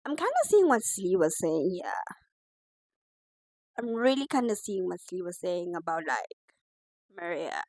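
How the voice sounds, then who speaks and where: A woman giving casual, animated commentary on a reality TV show. She laughs often as she reacts. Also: on the low side, unhurried, long pauses, dry recording, poor audio. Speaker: reality TV reviewer.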